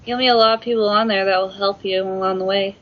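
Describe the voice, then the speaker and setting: A woman's voice: medium pitch, steady tone, fast talker. A woman co-hosting a casual podcast interview, offering encouraging advice. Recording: dull lo-fi recording.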